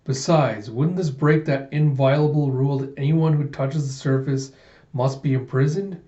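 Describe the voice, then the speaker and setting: A man's voice: medium pitch, fairly even intonation, moderate pace, mellow, close to an everyday voice. A man voicing a smug, childish mad scientist who gets giddy over dessert, in a roomy, dull lo-fi recording. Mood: gloating.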